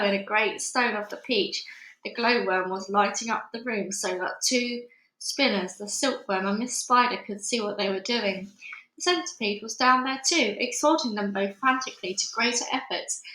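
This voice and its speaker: A woman reading a children's book aloud with lively, expressive storytelling, in an echoey room. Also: medium pitch.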